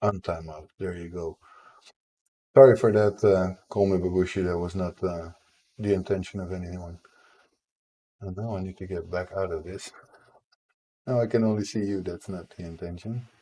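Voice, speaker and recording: A man with a very deep, low-pitched voice talks casually on a live stream. He rambles a little and keeps up a playful back-and-forth with viewers as he works on his game. His tone stays relaxed and chatty throughout. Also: moderate pace, long pauses. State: tickle in the throat. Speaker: indie game developer streaming.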